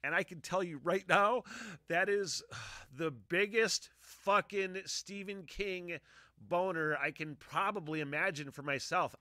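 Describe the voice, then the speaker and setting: Bright-voiced swearing man in his forties. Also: on the high side, dry recording, studio quality. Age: 40s. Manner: profane, emotional, sighing often. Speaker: podcast host. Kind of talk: casual rambling monologue.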